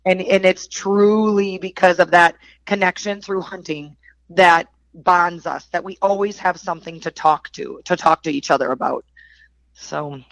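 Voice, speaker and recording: A woman's voice: on the low side, fairly even intonation, unhurried, dry recording, poor audio. A middle-aged woman from Wisconsin with a Wisconsin accent, a podcast guest chatting casually and animatedly, laughing often. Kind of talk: casual chat.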